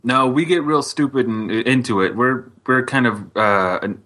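A man's voice: medium pitch, moderate pace, bright, forceful tone. A man, a stay-at-home dad, chatting casually on a podcast and laughing easily.

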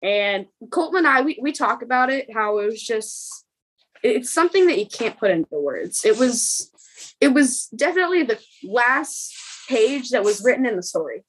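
A young woman, a podcast guest, telling a story in a rapid, emotional way, with many ums and quoted dialogue. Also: a little high, very animated, slightly rough, rough recording.

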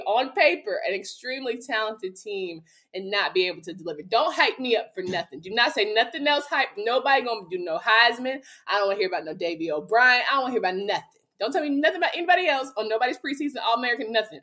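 A woman's voice: fairly high pitch, quick pace. Fired-up Southern woman venting about football. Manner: venting, animated, laughing between rants. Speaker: co-host. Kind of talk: casual sports talk.

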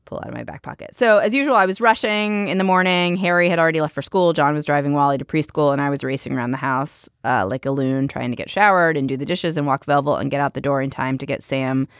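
A woman's voice: sits low, fast talker, hardly any pauses, smooth, no echo, clean studio sound. A woman in her thirties, a podcast co-host chatting casually, rambling through stories with frequent fillers and laughs. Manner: rambling storyteller, laughs often. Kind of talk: casual chat.

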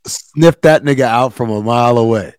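A man talks through the latest episodes with his co-hosts, swearing freely and getting animated as he goes. His voice sits mid-range and sounds dry and close to the mic. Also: moderate pace, clean tone, no echo. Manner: animated, swearing, jumps into high voices for quotes. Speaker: podcast co-host. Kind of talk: casual recap chat.

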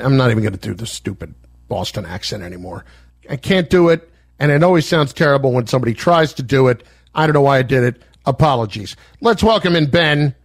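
A male sports talk radio host giving blunt, opinionated takes in a studio. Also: fairly high pitch. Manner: blunt, opinionated, fast-talking. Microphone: studio microphone.

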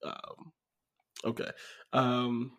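A man's voice: mid-range voice, lively intonation, extremely slow, fairly bright tone. A man co-hosting a podcast, chatting casually about football scores, rambling and joking with frequent laughs. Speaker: podcast co-host. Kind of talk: casual sports chat.

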